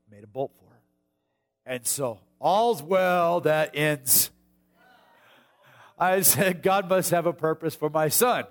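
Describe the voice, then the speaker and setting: A middle-aged American man delivers a sermon in a folksy, storytelling way. His voice sits mid-range. He drops into quiet asides and breaks into sudden loud calls. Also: medium pitch. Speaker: pastor.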